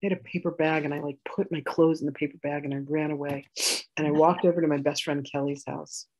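A woman telling a personal story in a healing session, animated, acting out arguments and laughing. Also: low voice, quick pace, low-quality recording.

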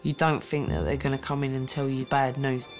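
Low-voiced woman recalling quietly. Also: level tone, brisk, over music. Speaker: interviewee. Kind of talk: documentary interview.

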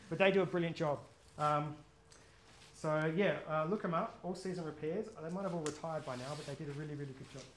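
A man's voice: on the high side, a little fast, a little hiss or hum. A man giving a chatty, jokey outdoor safety workshop, often quizzing his audience. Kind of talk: live gear workshop talk.

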